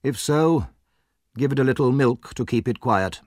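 Weary doctor, brisk and resigned, dry, voiced by a male reader. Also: medium pitch, a little mellow, no echo, pitched above the performer's own voice, close to an everyday voice. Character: weary middle-aged male workhouse doctor.

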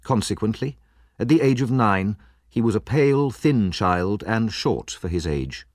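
A man narrating a classic story in a measured, expressive reading voice. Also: on the low side, no echo, studio quality.

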